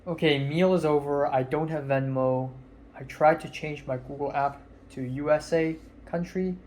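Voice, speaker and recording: The voice is a little high and mellow, with fairly even intonation and a moderate pace, and there's a faint hiss or hum. A nineteen-year-old film student casually recounts a social outing for his vlog, wandering through fillers and quoted dialogue.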